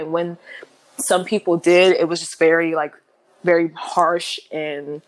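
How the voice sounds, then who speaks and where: A young woman guest speaking candidly in an interview, halting with many fillers and restarts, lively when she quotes others. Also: fairly low pitch, low-quality recording.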